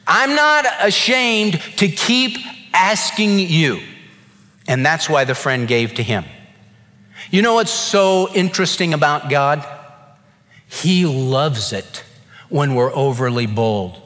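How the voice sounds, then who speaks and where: A man preaching a sermon as a pastor, swinging from hushed to loud as he acts out voices from Bible stories. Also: fairly high pitch, expressive, slow pace. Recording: long reverb of a large hall.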